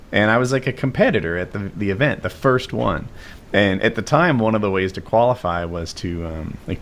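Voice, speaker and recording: A man, co-hosting a podcast and telling stories in a lively way with plenty of swearing. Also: low-pitched, a little hiss or hum. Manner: animated storyteller, swears. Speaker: podcast co-host. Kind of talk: casual chat.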